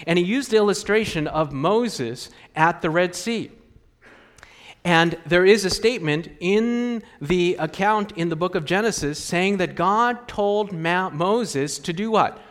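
A man's voice: high-pitched, a little slow, fairly bright tone, in a large hall. A man preaching a sermon in a church, asking the congregation rhetorical questions in a conversational way. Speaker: pastor.

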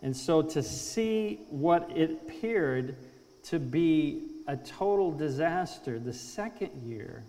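A man in his fifties giving an earnest testimony talk at a conference, halting with restarts. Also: on the high side, expressive, warm tone. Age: 50s. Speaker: speaker at a conference. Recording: long hall reverb.

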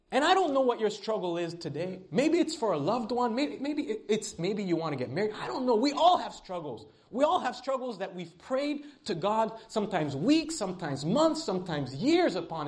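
A middle-aged man preaching a sermon in an earnest voice, rising to pleading and dropping to quiet tones. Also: very animated, moderate pace, few pauses. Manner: earnest, swings from pleading highs to quiet lows. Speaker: pastor.

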